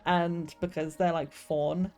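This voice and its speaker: A woman's voice: fairly low pitch, flat delivery, slow pace, mellow. A young woman streamer chatting casually and rambling about the novel she is writing, with lots of fillers. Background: faint lofi music.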